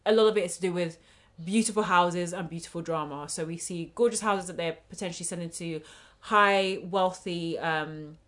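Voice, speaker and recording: A woman's voice: lowish voice, moderate pace, a bit bright. Woman, podcast co-host, casual chat, playful banter. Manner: playful, mock-argumentative, laughs often.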